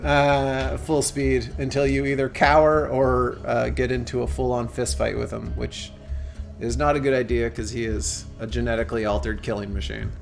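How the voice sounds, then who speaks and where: A man with a gravelly, creaky voice narrates a horror tabletop game as game master. He rambles, restarts his sentences and laughs often, with faint music underneath. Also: mid-range voice, flat delivery, moderate pace.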